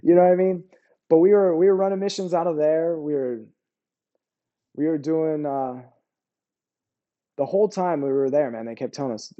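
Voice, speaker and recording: A man's voice: on the high side, normal speed, long pauses, dull audio. A middle-aged American man, an army veteran, telling war stories in a casual interview, laid-back and slangy, often saying "bro" and "you know what I mean.". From United States.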